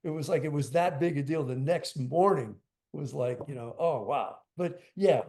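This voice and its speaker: Older man guest, rambling emphatic storyteller, slightly high voice, casual interview. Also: moderate pace, creaky, darkish tone. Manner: rambling, emphatic, filler-heavy. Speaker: guest drummer.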